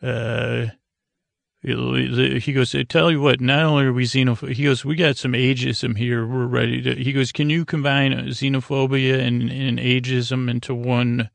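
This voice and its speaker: A man rambling through a casual episode recap, halting often with "uh" and restarts as he loosely quotes characters. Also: mid-range voice, gravelly, no room sound. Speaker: podcast host recapping a TV episode.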